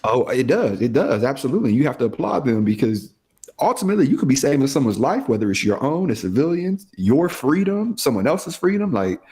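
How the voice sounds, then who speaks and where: A man's voice: mid-range voice, sing-song, brisk, warm tone. A man co-hosting a casual podcast, speaking emphatically and repeating his points to drive them home. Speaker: podcast co-host and police officer. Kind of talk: casual chat.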